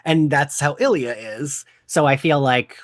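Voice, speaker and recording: A man hosting a podcast in casual chat, animated and laughing often as he acts out quotes. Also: on the high side, measured pace, no room sound, clean studio sound. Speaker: podcast host.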